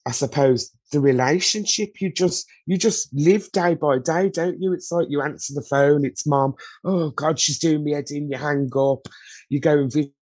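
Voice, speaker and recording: A woman's voice: low-pitched, normal speed, darkish tone, slightly rough, no room sound. Chatty, blunt woman talking about loss. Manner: emotional, blunt, chatty with rhetorical questions. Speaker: guest. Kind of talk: candid conversational interview.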